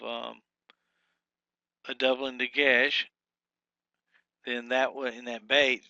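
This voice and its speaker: A man teaching a workbook lesson, talking slowly and deliberately with frequent fillers and repeated words. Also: medium pitch, sharp tone, no room sound, muffled recording.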